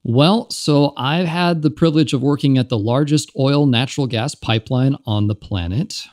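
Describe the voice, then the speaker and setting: A man's voice: mid-range voice, normal speed, darkish tone, dry recording. A man with a Southern US accent, a podcast guest, tells his story in an upbeat, chatty way and laughs easily. His voice sits in a middle register. The sound is close and dry. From Kentucky and Texas. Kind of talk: casual podcast interview.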